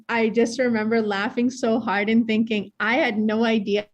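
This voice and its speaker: A woman's voice: on the high side, level tone, normal speed, few pauses. A woman from northern Saskatchewan with a northern Saskatchewan accent, a dancer and choreographer telling her own life story in a candid, plain-spoken way that laughs easily. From northern Saskatchewan, Canada. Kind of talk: personal storytelling talk.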